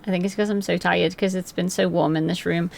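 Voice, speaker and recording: A woman's voice: lowish voice, fairly even intonation, brisk, creaky, a little hiss or hum. A young woman streaming live from her room at home, chatting loosely and answering her chat by name.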